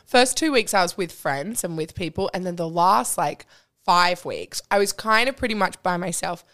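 A woman's voice: on the low side, lively intonation, moderate pace, a bit bright. A young adult woman, a podcast guest telling bubbly, giggly stories in a casual chat. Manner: bubbly, giggly storytelling, full of "like".

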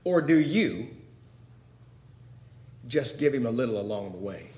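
A man preaching a sermon, putting direct questions to his listeners and swinging between loud emphasis and hushed, quiet lines. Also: mid-range voice, expressive, measured pace, echoey room.

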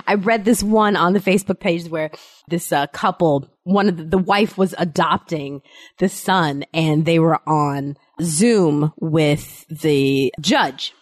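A woman host in casual chat, playful and quick to laugh. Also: sits low, no echo, studio quality. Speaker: podcast host.

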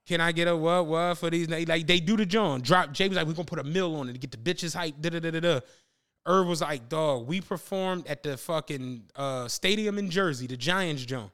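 A man's voice: fairly high pitch, moderate pace, a bit bright, clear, resonant tone. A man hosting a podcast, telling a story in casual chat and acting out the quotes, with lots of profane slang. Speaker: podcast host.

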